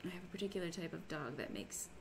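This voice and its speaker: On her crafting livestream, a Minnesota woman chats casually, reads comments from the chat out loud, and laughs a lot. Her lowish voice is expressive and she talks fast, with slight background noise.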